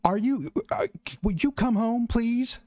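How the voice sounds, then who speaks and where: A man's voice: measured pace, warm tone, dry recording, clean studio sound. A man voicing a worried middle-aged mother on the phone, pleading with her child to come home. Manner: pleading, high-pitched.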